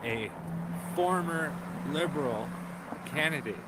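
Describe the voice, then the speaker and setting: A man co-hosting a walking livestream, recorded outdoors on a cold street. He argues his political points emphatically and with indignation. Traffic and street noise are clearly audible around him. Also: fairly high pitch, lively intonation, slow. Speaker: co-host. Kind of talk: opinionated political commentary.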